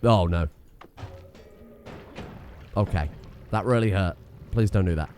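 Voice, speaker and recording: A man's voice: low voice, slow pace, a little mellow, soft background music. A man giving casual let's-play commentary, rambling, self-mocking and swearing freely as he plays. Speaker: gaming streamer.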